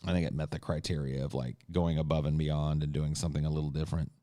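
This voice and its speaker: A man's voice: very deep voice, flat delivery, fast talker, dark tone, no echo, studio quality. A man hosting a podcast, talking in a crude, joking, ranting way. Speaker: podcast host. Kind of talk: casual comedic podcast chat.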